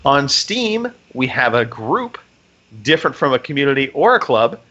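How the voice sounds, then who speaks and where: A man's voice: medium pitch, sing-song, normal speed, bright, forceful tone, highs cut off. A man from the United States co-hosting a casual podcast, joking and rambling through the show plugs. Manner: jokey, rambling announcer reading plugs. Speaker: podcast co-host.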